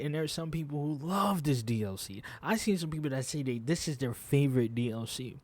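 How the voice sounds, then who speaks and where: A man's voice: fairly high pitch, lively intonation, fairly quick, hardly any pauses, no room sound. A man giving casual gaming commentary, ranting in an exasperated, repetitive and slangy way about a game update. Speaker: gaming YouTuber.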